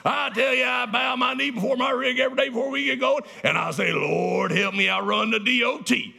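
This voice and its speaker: A man voicing a big, chatty male trucker who talks in a loud, folksy drawl. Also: very high-pitched, fairly quick, gravelly, slightly rough, exaggerated voice. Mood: hearty.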